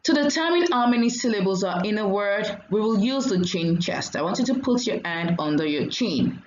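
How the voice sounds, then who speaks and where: A woman teacher giving a diction lesson, saying each word slowly and clearly and repeating it for learners. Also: medium pitch, lively intonation, echoey room, dull audio.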